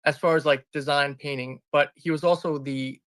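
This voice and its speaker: A fairly high-pitched man with a forceful, bright tone tells a personal story as an interview guest. He sounds earnest and rambles, doubling back to restart and correct himself. The voice is close and dry. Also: steady tone, moderate pace, no room sound. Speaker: interview guest, business founder. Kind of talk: candid personal storytelling in conversation.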